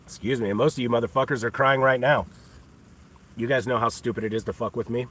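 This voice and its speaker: A man's voice: mid-range voice, fast talker, fairly bright tone, husky. A man ranting on his own livestream, scornful and taunting, cursing freely and breaking into laughter often. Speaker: livestream host. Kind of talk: profane livestream rant.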